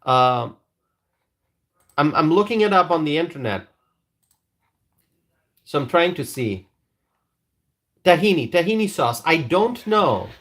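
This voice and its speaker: A man's voice: fairly high pitch, very animated, takes it slowly, pauses often, a bit bright. A man hosting a live stream, chatting casually with viewers and reading their comments in a rambling, hesitant way. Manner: rambling, hesitant, with frequent restarts.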